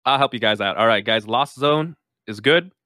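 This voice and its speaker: A man guesting on a casual podcast, talking in a relaxed, chuckling way. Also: mid-range voice, moderate pace, no echo, studio quality. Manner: laid-back, chuckles between lines. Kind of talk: casual chat.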